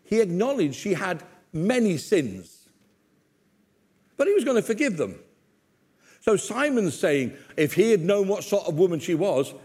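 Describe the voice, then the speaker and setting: A man's voice: high-pitched, very animated, unhurried, pauses often, a little mellow, husky. An older man preaching a sermon, acting out Bible scenes with humor and asides to the congregation.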